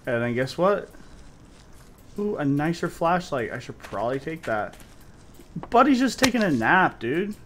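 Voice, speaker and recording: Lively young man streaming a game. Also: on the high side, a little slow, long pauses, noisy background. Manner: swears a lot, chats with viewers. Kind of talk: casual gameplay commentary.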